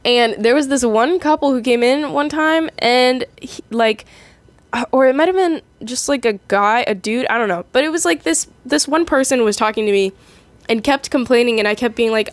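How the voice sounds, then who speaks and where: A woman's voice: on the high side, normal speed, dry recording. A young adult woman casually reading online comments aloud and reacting to them, giggly and chatty, often stumbling and restarting her sentences.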